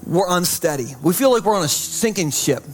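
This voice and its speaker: High-voiced pastor preaching softly. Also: male voice, lively intonation, soft background music. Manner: repeats "holy" softly and slowly, chatty asides. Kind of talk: sermon.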